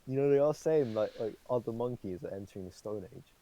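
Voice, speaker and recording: A man's voice: mid-range voice, expressive, a little fast, mellow, low-quality recording. A young man co-hosting a podcast, rambling through casual chat with lots of fillers and swearing. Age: young adult. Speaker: podcast co-host.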